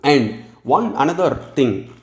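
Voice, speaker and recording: Male religious lecturer, mid-pitched, teaching verse by verse in a reverberant room. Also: very animated, a little slow. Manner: explains verses, often checks in with "hmm?"; recites Sanskrit verses then translates. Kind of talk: scripture lecture.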